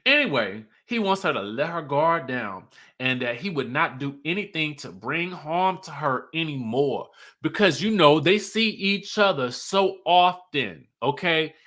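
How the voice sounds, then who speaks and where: A man's voice: fairly high pitch, expressive, a little slow, bright, forceful tone. A man giving a casual, sassy reality-TV recap, laughing often and quoting the cast. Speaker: show recap commentator.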